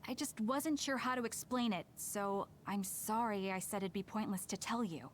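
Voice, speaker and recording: An actress voicing a hesitant, apologetic young woman who leads her team in a video game, speaking in halting bursts. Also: medium pitch, a little hiss or hum, natural voice. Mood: uneasy. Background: game music.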